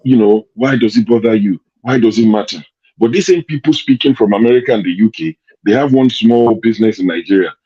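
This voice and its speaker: A man with a lowish, dark and husky voice makes his case in casual political commentary, firing off rhetorical questions. The audio comes over a remote call and sounds dull and lo-fi. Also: brisk. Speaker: show host.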